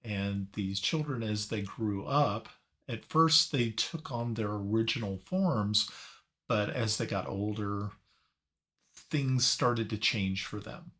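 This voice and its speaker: A man narrating a tabletop game as game master, halting and searching for his words. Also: lowish voice, a bit bright.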